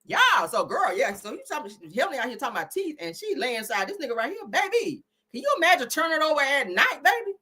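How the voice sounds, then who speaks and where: A woman's voice: high-pitched, sing-song, fast talker, hardly any pauses, bright, forceful tone. A woman hosting a casual gossip commentary live stream, brash and profane, laughing often and calling her viewers "girl.". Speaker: host.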